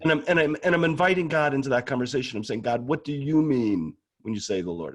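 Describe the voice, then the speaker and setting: A man's voice: medium pitch, lively intonation, fast talker. A man talking casually and candidly about prayer, often restarting words as he goes. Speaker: guest speaker on prayer. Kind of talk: casual conversational talk.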